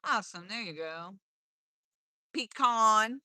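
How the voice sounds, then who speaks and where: Bright-voiced woman hosting a live stream. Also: lowish voice, a little slow, no room sound, studio quality. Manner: chatty, reads viewer comments aloud, playful wordplay. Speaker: livestream host. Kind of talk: casual live chat. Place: outdoors on a lake dock.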